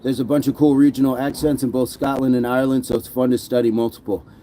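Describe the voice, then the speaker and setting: A man's voice: mid-range voice, level tone, quick pace, mellow. A man hosting a fitness livestream, chatting casually and reading out viewer comments in an easygoing, rambling way. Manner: easygoing, rambling with many fillers. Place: home gym.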